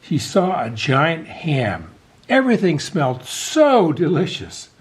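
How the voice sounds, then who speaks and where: Guy reading a kids book out loud, slow and super expressive, echoey room. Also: a little high. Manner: expressive, animated storytelling. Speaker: storybook reader. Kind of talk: reading a picture book aloud to children. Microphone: video call.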